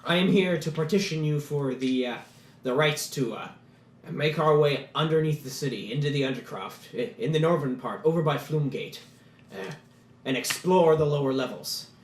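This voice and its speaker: Casting: a man doing a jittery, polite dwarf petitioner, halting and stumbling, echoey room. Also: on the high side, natural voice. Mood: nervous pleading. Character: nervous stammering male dwarf petitioner.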